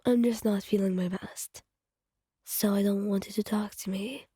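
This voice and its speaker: A woman voicing a withdrawn, quiet young swordsman in a whispered role-play, speaking softly and reservedly. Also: mid-range voice, steady tone, moderate pace, husky, no room sound, studio quality, lightly acted. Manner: soft, hushed, reserved.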